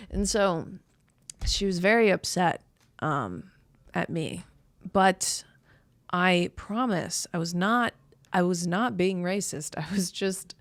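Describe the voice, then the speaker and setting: A woman's voice: fairly low pitch, expressive, measured pace, no room sound. A woman in her thirties hosting a podcast, telling a rambling, self-deprecating comedic story full of "like" and restarts. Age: 30s. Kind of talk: casual comedic monologue.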